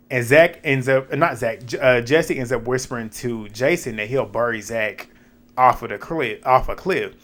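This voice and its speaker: A man talks through a reality show episode in casual recap style. His pitch sits mid-range, and he is animated and opinionated, laughing often and jumping into high mocking quotes. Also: moderate pace.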